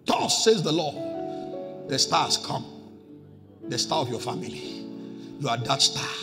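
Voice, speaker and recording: Nigerian man doing a pompous false prophet, drawn-out intoning, lively pitch, echoey hall. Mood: crooning. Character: flattering adult male false prophet, grandiose. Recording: echoey hall with faint music.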